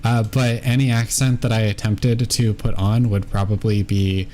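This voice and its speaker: Low-pitched, relaxed American man, hesitant gamer chatter, faint background hiss. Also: moderate pace. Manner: laid-back, hesitant, lots of ums. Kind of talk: casual gaming chat.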